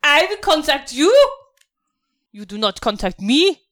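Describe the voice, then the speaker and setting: A woman's voice: high-pitched, big pitch swings, a little slow, a bit bright, voice pushed up, exaggerated voice. A woman voicing a stern, pompous male German general who barks threatening orders. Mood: menacing.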